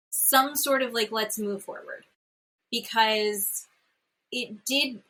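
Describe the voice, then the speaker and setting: A woman's voice: on the high side, bright, forceful tone, low-quality recording. A woman co-hosting a podcast, chatting casually and retelling scenes with quoted voices. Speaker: podcast co-host. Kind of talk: casual chat recapping a reality show.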